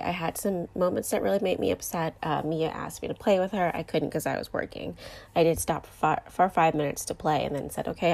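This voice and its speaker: A woman in her thirties talks openly on her own podcast, her low voice edged with vocal fry. She stumbles through fillers and restarts, sounding close to tears. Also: darkish tone. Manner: candid, emotional, with many fillers. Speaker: podcast host. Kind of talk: personal podcast monologue.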